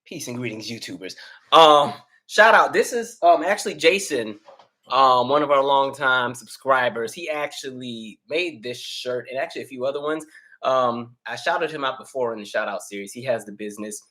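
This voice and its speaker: A male livestream host chats casually with viewers in an easygoing, relaxed way, reading their names aloud. He's slightly out of breath. His voice is medium-pitched at a normal speed.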